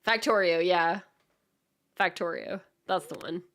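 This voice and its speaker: A woman's voice: fairly low pitch, measured pace, a bit bright, a little hiss or hum. A woman from Canada chatting casually and laughing often while she streams a speedrun attempt. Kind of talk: casual live-stream chat while gaming.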